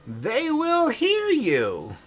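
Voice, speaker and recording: A man voicing a decrepit, hunched old miser who talks in slow, drawn-out sing-song. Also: very high voice, huge pitch swings, a bit bright, pitched above the performer's own voice, full character voice. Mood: wheedling.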